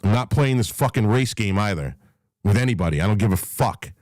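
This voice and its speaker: A man from New York, USA, hosts a live talk room and delivers a heated rant, angry, profane, and emphatic, repeating himself to drive his points home. His fairly low, darkish voice is brisk with lively intonation and no echo.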